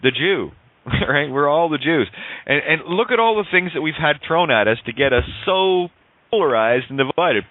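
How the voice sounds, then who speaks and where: Male call-in radio host, animated, profane, laughing; thin, dry phone-quality audio. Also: fairly high pitch, normal speed, no room sound. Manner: animated, swears freely, laughs often, wordplay on sounds. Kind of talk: excited, rambling call-in radio talk.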